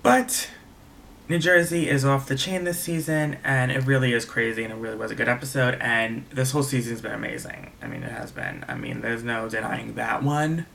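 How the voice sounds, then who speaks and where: A young man giving a casual, animated video review of a reality show, swearing often and repeating himself, with faint background noise. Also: medium pitch, moderate pace, gravelly.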